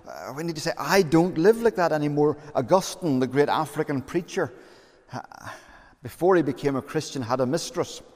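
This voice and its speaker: A man's voice: mid-range voice, darkish tone. A man preaching a sermon as pastor, earnest and conversational, with fillers and repeated phrases. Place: church. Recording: long church reverb.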